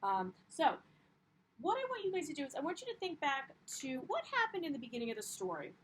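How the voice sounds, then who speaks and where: A woman's voice: high-pitched, huge pitch swings, brisk, a little hiss or hum, poor audio. A young woman teaching a primary class, upbeat and encouraging, with frequent ums as she explains the lesson. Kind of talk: classroom read-aloud lesson.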